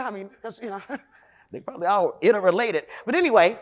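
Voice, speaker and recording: A woman from Chicago, a defense lawyer, giving a candid, profane conference talk in a loud, emphatic, opinionated way, speaking straight to the audience. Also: mid-range voice, lively intonation, fast. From Chicago, USA.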